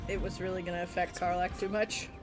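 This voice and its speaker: A woman's voice: lowish voice, little pitch movement, quick pace. A woman chatting casually during a video game playthrough, explaining the story to her co-player. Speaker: game streamer. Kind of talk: casual gameplay commentary.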